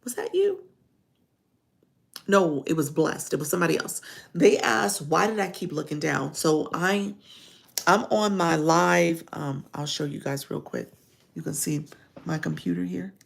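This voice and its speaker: Low gravelly-voiced woman with Chicago accent. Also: normal speed. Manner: chatty, rambling, laughs often. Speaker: live-streaming coach. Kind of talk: casual livestream talk.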